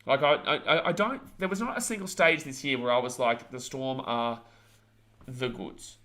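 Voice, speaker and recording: Blunt man in his twenties, bright voice. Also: medium pitch, moderate pace. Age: 20s. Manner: blunt, opinionated, rambling with fillers. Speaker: host reading viewer chat. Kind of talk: casual sports chat stream.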